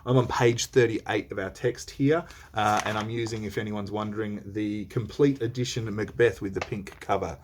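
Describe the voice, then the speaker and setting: A man's voice: on the low side, fairly even intonation, moderate pace, slight background noise. A man teaching a play, explaining lines in a casual, chatty way with frequent fillers. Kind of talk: explaining a play while reading aloud. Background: faint background music.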